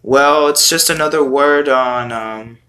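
A man's voice: mid-range voice, measured pace, bright, forceful tone. A man giving casual reaction commentary on song lyrics, exasperated and swearing as he mocks them.

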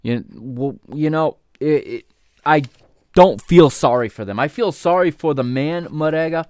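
A man's voice: a little high, a little slow, darkish tone, dry recording, clean studio sound. A man hosting a sports podcast, ranting heatedly about a rival club, swearing and laughing in disbelief. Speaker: podcast host. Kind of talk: opinionated sports podcast rant.

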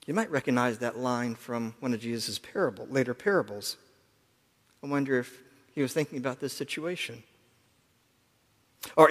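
A man preaching a sermon in a reflective, earnest way, dropping to quiet asides at times. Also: mid-range voice, moderate pace, long pauses. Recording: long hall reverb.

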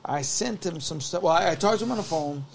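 A man's voice: a little high, fast, vocal fry, slight background noise. A man casually telling a long story, rambling and acting out what people said. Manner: rambling, animated, acts out quotes. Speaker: podcast guest telling stories.

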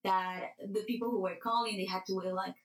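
A young woman who grew up in Peru, telling a story in a casual interview with lots of restarts and animated asides. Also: mid-range voice, brisk. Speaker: guest. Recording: roomy echo, distant from mic.

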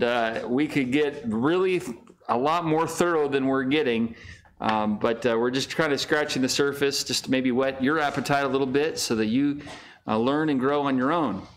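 Middle-aged man, pastor type, casual Bible-study teacher, filler-heavy, average pitch. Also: slight background noise. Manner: casual, many fillers and restarts; reads scripture in raised, higher voice.

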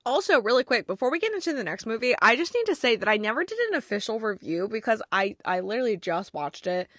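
Bright-voiced woman gushing over movies. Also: fairly high pitch, big pitch swings, quick pace, no room sound, clean studio sound. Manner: gushing and emotional, with many fillers. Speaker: holiday movie reviewer. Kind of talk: casual chat.

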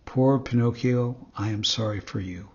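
A man voicing a wise, calm old male cricket who lectures, in a husky voice, on a dull recording. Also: medium pitch, moderate pace. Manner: calm, preachy.

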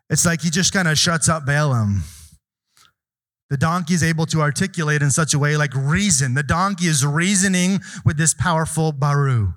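Man preaching, voice on the high side. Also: normal speed. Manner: reads verses aloud, then explains with asides and questions to the congregation. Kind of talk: sermon with scripture reading.

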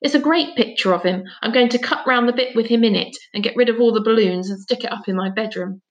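A woman plays a football-mad boy who blusters and bristles when teased. His voice sits a little high in a storybook reading. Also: fast, highs cut off, lightly acted. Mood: defensive. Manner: blustering, raised voice.

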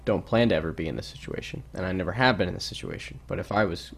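A man's voice: low voice, fast, creaky, slightly rough. A man co-hosting a casual podcast chat, rambling and hesitant, full of restarts and fillers. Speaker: podcast co-host.

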